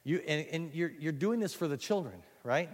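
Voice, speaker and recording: A man leading a storytelling workshop for an audience, talking in an animated, self-deprecating way and often repeating words as he starts a sentence. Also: a little high, normal speed. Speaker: speaker teaching storytelling to children's ministry workers. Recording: long hall reverb.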